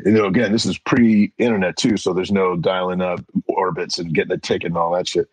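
A man's voice: deep voice, brisk, hardly any pauses, slightly rough, no room sound, poor audio. A middle-aged man, an interview guest, telling casual stories and acting out the voices of the people in them. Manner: animated, acts out voices in anecdotes. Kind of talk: casual storytelling.

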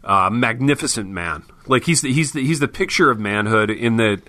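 A man co-hosts a casual podcast with a bright, forward voice, recorded dry and close with no room sound. He tells his stories in a loose, joking way, dropping "dude" often. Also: medium pitch, expressive, moderate pace, no echo. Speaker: podcast co-host.

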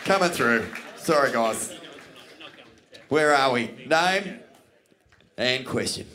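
A man hosting a live panel, briskly calling on audience members with a matey manner. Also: medium pitch, animated, pushed and bright. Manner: brisk, matey, calls on the crowd. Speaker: host.

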